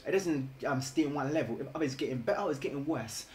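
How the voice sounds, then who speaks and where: A man's voice: medium pitch, expressive, fast talker, darkish tone, reverberant, slight background noise. A man hosting a casual group chat, talking in long rambling stretches with many restarts. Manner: rambling, restarts often, laughs a lot. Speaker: host.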